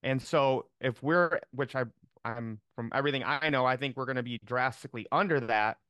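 A man's voice: medium pitch, fairly quick, bright, forceful tone, clear, resonant tone, no room sound, dull audio. Upbeat rambling man on a video call. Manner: upbeat, rambling, many fillers. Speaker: team member on a call. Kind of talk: casual chat on a video call.

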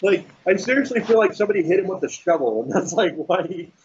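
A man's voice: high voice, lively intonation, quick pace, darkish tone, slightly rough. A young man chatting casually with a friend, often breaking into laughter and swearing as he mimics someone. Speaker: storyteller among friends. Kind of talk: casual chat. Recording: dull lo-fi audio.

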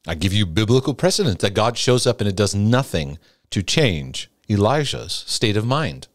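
Animated male preacher, very lively pitch. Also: moderate pace, dry recording, clean studio sound. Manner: animated, acts out prayers in a high pleading voice. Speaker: Christian teacher and coach. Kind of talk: sermon-style teaching broadcast.

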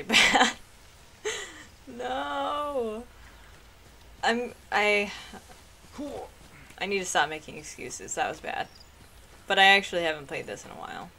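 A woman's voice: on the low side, vocal fry, bright, forceful tone, a little hiss or hum. A woman giving casual commentary while playing a video game, chatty and self-mocking, and she shrieks and laughs whenever a fight gets tense. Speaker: gaming channel host.

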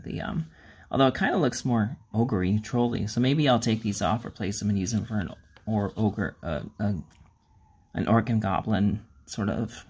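A man's voice: fairly low pitch, husky. A man hosting a miniature-painting channel, talking casually in a rambling, self-deprecating way, with plenty of ums and uhs. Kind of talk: casual hobby vlog.

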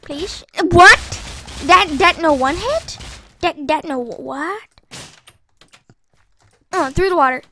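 A woman with a high, bright voice trash-talks her opponents during live gameplay commentary. She giggles often and jumps between mock threats and bursts of excitement. Faint mouse and keyboard clicks sit under her voice. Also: slow, pauses often, a little hiss or hum. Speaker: gaming channel host.

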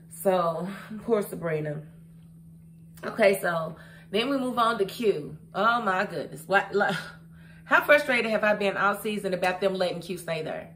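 A woman's voice: mid-range voice, animated, unhurried, fairly bright tone, slight background noise. A young adult woman reviewing a TV episode in a casual, sassy way, often talking straight to the characters. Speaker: TV show reviewer. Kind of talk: casual recap and commentary.

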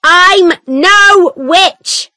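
A bitter, desperate mother accused of witchcraft shouts in a high, strained voice, as a woman reader puts her on. Her words come out slow and heavy, then suddenly rushed, and the voice is set apart from the narration. This is a dry, close storybook recording. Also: dry recording, heavily acted. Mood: furious. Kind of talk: storybook reading for English learners.

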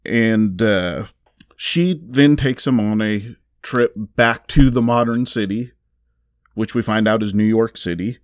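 A Southern man with a lowish voice chats through a comic plot on a podcast. He rambles and restarts, filling gaps with "uh". The sound is close and dry, with no room around it. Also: no echo. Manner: rambling recap with many fillers and restarts. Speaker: podcast co-host reviewing comics. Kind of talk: casual podcast chat.

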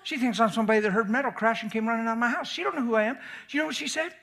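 A middle-aged man preaching a storytelling sermon, animated, swinging from shouts down to whispers. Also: extremely high pitch, very fast, gravelly.

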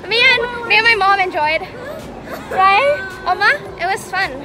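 A woman's voice: very high-pitched, lively intonation, moderate pace. A young woman vlogging at an outdoor theme park, chatty and giggly, filming on a handheld phone. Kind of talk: casual vlog chat. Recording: loud crowd and music noise.

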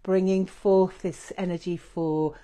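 A woman leading a guided meditation with chanting, gentle and effusive, with many fillers. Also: lowish voice, flat delivery, takes it slowly.

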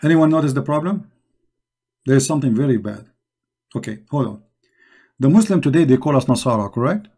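A man's voice: medium pitch, expressive, fairly quick, pauses often, darkish tone, breathy edge. A man hosting a live religious debate stream, mocking and emphatic, repeating rhetorical questions into a computer mic. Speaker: debate show host.

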